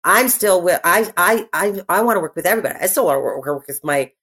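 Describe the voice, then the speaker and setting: A middle-aged actress, appearing as a podcast guest, chats casually in an interview. Her voice is on the low side and slightly rough. She's animated and rambling, often restarting sentences and filling the gaps.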